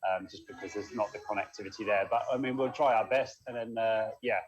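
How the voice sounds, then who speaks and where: A man, a long-distance cyclist, chatting upbeat and quickly in a casual interview over a phone call. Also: on the low side, steady tone, slight background noise.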